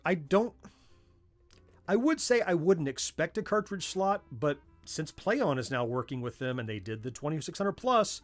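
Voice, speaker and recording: A middle-aged man with a Southern US accent, hosting a casual livestream from a home workspace and chatting in a way that wanders off on tangents. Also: mid-range voice. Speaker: livestream host.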